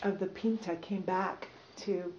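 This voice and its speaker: Woman speaker, slow and loose, reads then chats, echoey dull room. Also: lowish voice, a little hiss or hum. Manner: relaxed, loose, many fillers. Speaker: speaker reading to an audience. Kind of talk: reading aloud, then casual talk. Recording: roomy, slightly dull recording.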